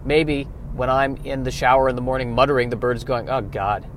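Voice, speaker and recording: A man's voice: mid-range voice, little pitch movement, brisk, a little hiss or hum. A man hosting a casual comedic solo podcast, rambling in a self-deprecating way and often restarting his sentences. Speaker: podcast host.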